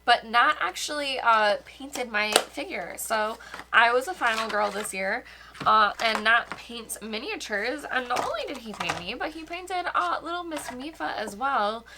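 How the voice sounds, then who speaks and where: A woman co-hosting a casual board game chat, friendly and quick to chime in with agreement. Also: a little high, expressive, noisy background. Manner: friendly, lots of agreeing murmurs. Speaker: board game channel co-host.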